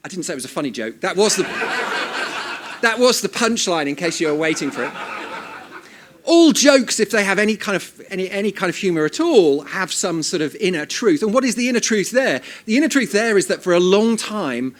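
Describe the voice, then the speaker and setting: A man's voice: high voice, very animated, normal speed, a bit bright, a little hiss or hum. A middle-aged man giving a humorous after-dinner talk with dry, self-deprecating jokes, speaking into a handheld microphone before an audience at an event. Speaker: invited speaker.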